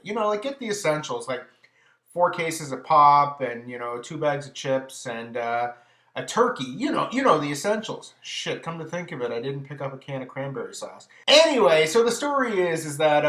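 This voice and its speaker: Male vlog host, slightly high voice, chatty and exasperated storyteller, roomy echo. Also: fairly bright tone. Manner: chatty, exasperated, lots of "you know". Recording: echoey room.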